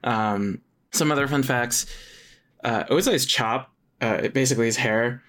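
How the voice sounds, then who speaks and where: A man in a mid-range voice co-hosts a laid-back podcast. He reads out trivia in an easy chatty tone, often pausing on filler sounds. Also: medium pitch, fairly bright tone. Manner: reads out fun facts, hesitant fillers. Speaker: podcast co-host. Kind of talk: casual chat sharing trivia.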